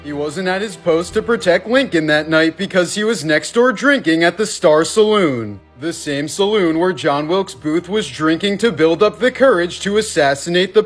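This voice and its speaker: A man narrating creepy facts and stories in a steady, even reading voice. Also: fairly high pitch. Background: faint background music.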